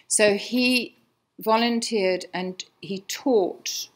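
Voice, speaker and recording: A woman's voice: mid-range voice, very slow, slight background noise. An older English woman giving a chatty, anecdotal lecture to an audience, with many fillers and restarts. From England. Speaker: lecturer, designer's daughter. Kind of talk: illustrated public talk. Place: archive lecture room before an audience.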